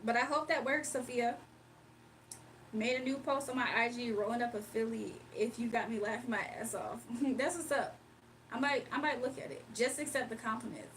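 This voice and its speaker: A woman's voice: a little high, fairly even intonation, moderate pace, a bit bright, recorded from a distance, a little hiss or hum, poor audio. Laid-back woman streamer from Virginia. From Virginia, United States. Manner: laid-back slangy talk, laughs often. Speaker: livestream host. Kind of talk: casual live-stream chat, reading comments aloud.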